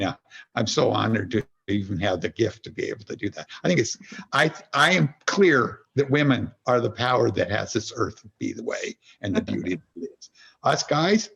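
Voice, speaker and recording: Gravelly, husky man telling stories earnestly. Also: medium pitch, muffled recording. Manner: meandering, earnest, explains with everyday examples. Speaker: guest, executive coach. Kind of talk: reflective conversational storytelling.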